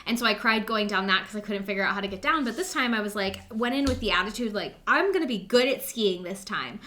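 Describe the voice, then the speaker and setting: Slight background noise sits under this animated, fast-talking young woman with a medium pitch and a sharp edge. As a podcast co-host she spins a casual, upbeat story, leaning on "like" and performing the lines she quotes.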